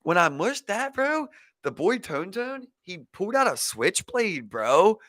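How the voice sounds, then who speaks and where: A young man with a Baltimore accent tells a street story on a podcast, lively and full of slang. His voice is bright and forceful and sits a little high. It is recorded close and dry. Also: a little slow, dry recording. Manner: animated, profane street slang, acts out quotes. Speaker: podcast host. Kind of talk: casual chat, storytelling.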